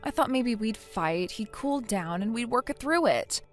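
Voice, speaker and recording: A whiny, naive young wife, voiced by a synthetic woman, hesitant and pleading as she makes excuses. Her voice sits a little high, and faint music runs under the text-message story. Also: expressive, moderate pace, natural voice. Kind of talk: text-to-speech text story narration.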